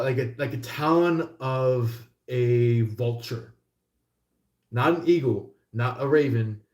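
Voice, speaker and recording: A man's voice: medium pitch, roomy sound. A man doing a casual tarot reading who rambles with lots of fillers and acts out little quotes. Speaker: tarot reader.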